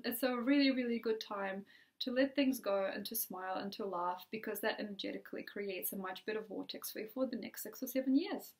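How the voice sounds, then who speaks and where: A woman astrologer giving a forecast in a dreamy, repetitive way, with many pauses and ums. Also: medium pitch.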